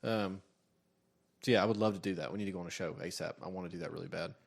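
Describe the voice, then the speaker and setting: A man's voice: low-pitched, very fast, gravelly. A man in his thirties co-hosting a casual comedy podcast, rambling through stories and breaking into mocking voices. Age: 30s. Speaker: podcast co-host.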